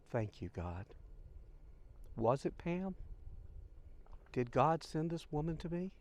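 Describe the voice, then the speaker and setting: A man's voice: medium pitch, a little mellow. Older man telling a heartfelt story. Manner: heartfelt, addresses listeners as folks. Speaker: channel host. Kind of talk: personal storytelling.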